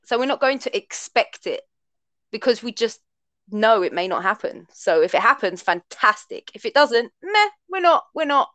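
A woman's voice: fairly high pitch, expressive, moderate pace, a bit bright, dry recording. A young woman co-hosts a podcast, chatting in a playful, casual way and swearing a lot. Her voice is recorded dry and close, with no room sound around it. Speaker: podcast co-host. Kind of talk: casual chat.

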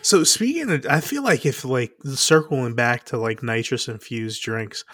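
Relaxed co-host, mid-pitched male voice, casual banter; dry, close recording. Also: a little slow, dry recording. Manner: laid-back, chiming in with questions. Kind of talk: casual chat.

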